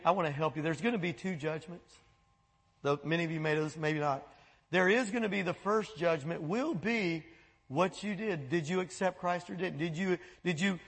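A pastor preaching a sermon to his church in a folksy, animated way, chuckling and acting out voices as he goes. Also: on the high side, creaky, husky, in a large hall. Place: church sanctuary.

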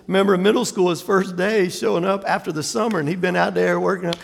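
A man from Jacksonville, Florida, preaching a sermon as pastor, an animated storyteller with laughing asides who acts out voices. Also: high-pitched, fast, creaky, big-room sound. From Jacksonville, Florida, USA.

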